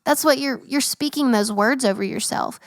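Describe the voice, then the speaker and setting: A woman's voice: high-pitched, normal speed, dry recording, clean studio sound. A young woman hosting a faith-based podcast, talking in an earnest, heartfelt and emphatic way. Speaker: podcast host.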